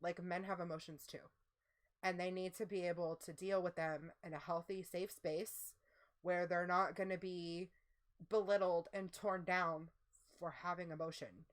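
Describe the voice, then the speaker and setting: A woman's voice: lowish voice, steady tone, normal speed. A woman co-hosting a livestream, talking in a casual, rambling way with many "like"s. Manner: rambling, heavy use of "like". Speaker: co-host.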